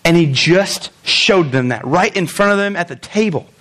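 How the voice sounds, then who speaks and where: A man's voice: high voice, expressive, moderate pace, a bit bright. A man preaching a sermon in a loose, conversational way, reading scripture and acting out the people in it. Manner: conversational, acts out quoted voices, chuckles. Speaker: pastor.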